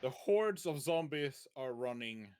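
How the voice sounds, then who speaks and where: A man narrating as game master for a tabletop game played over voice chat, casual and quick to swear. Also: mid-range voice, animated, darkish tone, a little hiss or hum.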